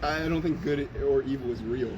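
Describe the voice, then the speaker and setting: A young man arguing on a city street, combative and profane, often shouting. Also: mid-range voice, moderate pace, background noise. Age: young adult. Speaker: counter-protester. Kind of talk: heated street argument.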